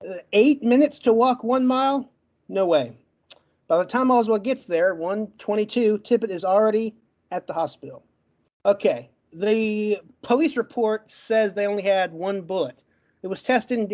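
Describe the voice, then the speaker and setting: A man's voice: high voice, a little mellow, highs cut off. A man who stutters and gets stuck on words, laying out a closing argument in a podcast debate point by point. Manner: argumentative, lays out points in rapid lists. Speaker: debate guest.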